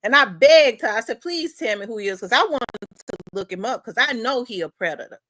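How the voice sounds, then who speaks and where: A woman talks through a story in a loose, conversational way, circling back and repeating her points. Her voice sits a little high. The recording is dry and close, with no room sound. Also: expressive, brisk, sharp tone, dry recording. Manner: conversational, repeats herself, winding asides. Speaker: host. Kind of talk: casual chat, storytelling.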